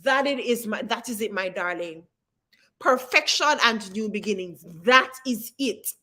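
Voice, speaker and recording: A woman's voice: medium pitch, animated, a little slow, sharp tone. A woman hosting a live stream, talking directly and encouragingly to her viewers and calling on them by name. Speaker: livestream host. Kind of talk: live-stream advice talk.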